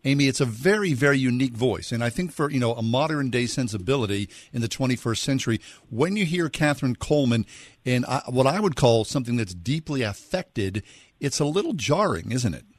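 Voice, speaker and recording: A man hosts a radio interview from a dry, close studio mic. His voice sits at a middle pitch and he asks questions in a loose, conversational way. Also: animated, fairly quick, dry recording. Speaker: radio show host.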